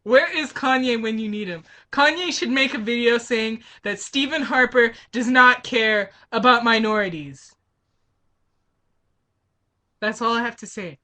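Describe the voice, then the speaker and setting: A woman's voice: fairly high pitch, a little slow, sharp tone. A woman venting to camera in a political rant, heated and frustrated, firing off rhetorical questions. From Canada. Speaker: vlogger.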